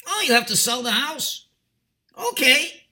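A man's voice: big pitch swings, measured pace, pushed and bright, heavily acted. A man voicing a sly, smug schemer in a parable, bargaining coolly. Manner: cool, low-key bargaining.

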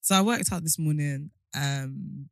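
A woman's voice: low voice, a little slow, vocal fry, dry recording, studio quality. A woman co-hosting a podcast in casual chat, telling stories and laughing often. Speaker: podcast co-host.

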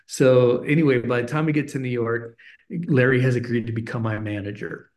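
An animated man in his forties tells a story as a podcast guest. His voice is of middling pitch, and he acts out the dialogue as he goes. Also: fairly quick. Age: 40s. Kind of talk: conversational storytelling.

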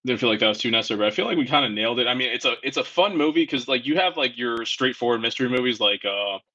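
Upbeat, opinionated male co-host with a bright, edgy tone, muffled lo-fi sound. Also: medium pitch, animated. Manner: upbeat, opinionated, quick bursts of talk. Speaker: podcast co-host. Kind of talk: casual movie review chat. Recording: dull lo-fi sound.

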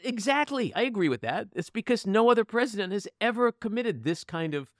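Male host, lively swooping pitch, sarcastic and emphatic, dry close sound. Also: fairly quick, no echo. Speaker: podcast host. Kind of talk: casual political chat.

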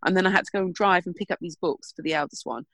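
A woman's voice: on the low side, rapid-fire, no room sound. Woman, middle-aged, chatty storyteller, dry close sound. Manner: animated storyteller, acts out quotes. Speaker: podcast co-host. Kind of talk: casual chat.

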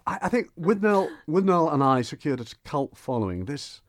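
A man chatting enthusiastically on radio as a film reviewer, animated and prone to quick restarts. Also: a little high. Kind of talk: radio chat.

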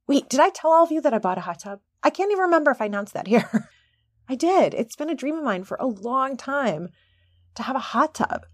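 Middle-aged woman host, higher-pitched, chatty and laughing, dry close-mic sound. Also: dry recording. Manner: chatty, laughing, animated asides. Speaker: podcast host and coach. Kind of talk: casual monologue.

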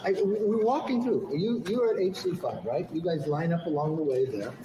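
A man's voice: fairly high pitch, expressive. A man answering reporters in a hallway scrum, denying the accusations defensively. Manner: quick, defensive denials. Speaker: interviewee. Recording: roomy hallway with background noise.

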